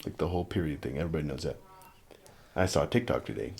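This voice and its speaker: A man's voice: deep voice, big pitch swings, quick pace, a little mellow, a little hiss or hum. A young man hosting a podcast, chatting casually and rambling with lots of fillers. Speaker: podcast host. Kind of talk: casual chat.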